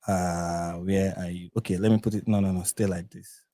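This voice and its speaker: A man's voice: low-pitched, fairly even intonation, normal speed, dark tone, no echo, studio quality. A man with a Nigerian accent hosting a live reaction stream, talking in an exasperated, repetitive, emphatic way. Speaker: reaction channel host.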